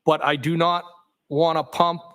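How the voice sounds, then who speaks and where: A man testifying as a trial witness, reading text messages aloud in a steady, matter-of-fact way, saying the punctuation out loud. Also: fairly high pitch, unhurried, clear, resonant tone. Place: courtroom.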